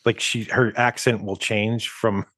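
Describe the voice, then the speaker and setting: A man's voice: fairly low pitch, level tone, a little slow, a bit bright, no room sound, studio quality. A man co-hosting a movie podcast in casual chat, rambling with many restarts and chuckles. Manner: rambling, restarts often, chuckles while talking. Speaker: podcast co-host.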